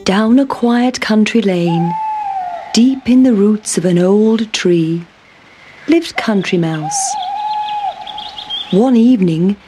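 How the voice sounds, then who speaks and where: A woman reading a children's story aloud in a gentle, clear storybook manner. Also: medium pitch, background noise.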